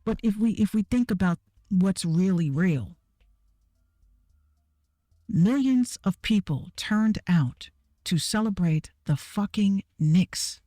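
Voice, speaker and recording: A woman's voice: mid-range voice, lively intonation, takes it slowly, pauses often, warm tone, dry recording, studio quality. A woman ranting bluntly and heatedly to her viewers, swearing a lot and repeating herself for emphasis. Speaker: online creator ranting to viewers. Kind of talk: profane rant to camera.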